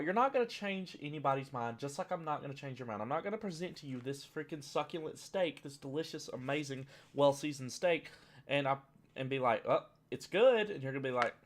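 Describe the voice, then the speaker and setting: A man doing comedic commentary with an animated, sarcastic, profane ranting manner. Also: on the high side, fairly quick. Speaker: video commentator.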